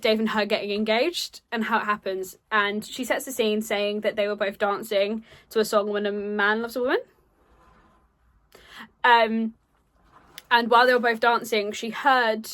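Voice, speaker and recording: A woman's voice: mid-range voice, fairly bright tone. A young woman, a drama student, casually presenting her project in a chatty way with playful asides and frequent ums.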